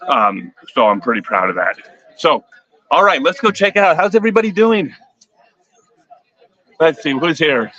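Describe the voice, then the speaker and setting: An older man, out of breath and excited, chatting casually with viewers on a live stream from a tournament vendor area. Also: on the high side, normal speed, long pauses, muffled recording. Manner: excited, chatty, reading viewer questions aloud. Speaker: disc golfer streaming live.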